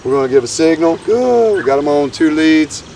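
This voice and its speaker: Guy running dog training outside, lively up and down voice, sounds a bit far from the mic w/ faint noise. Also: on the high side. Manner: upbeat, encouraging, brisk commands. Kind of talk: coaching commentary during training. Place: outdoor training field. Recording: distant outdoor recording with faint noise.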